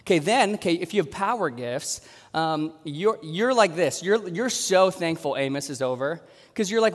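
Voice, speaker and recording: A man preaching a sermon as a pastor, animated, often slipping into the voices of his listeners. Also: sits high, moderate pace, big-room sound. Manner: animated, acts out congregants' voices. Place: large church hall.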